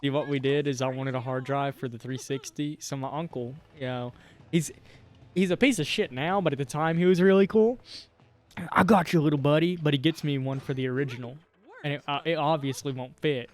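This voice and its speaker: A man's voice: medium pitch, brisk, a little mellow. A young man co-hosting a casual gaming podcast, rambling and jokey, laughing often. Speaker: podcast co-host.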